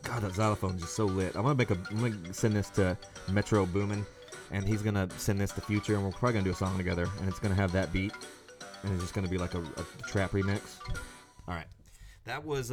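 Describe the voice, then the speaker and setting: A man hosting a casual comedy chat show, loud, rambling and mock-grumpy. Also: on the low side. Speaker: podcast host.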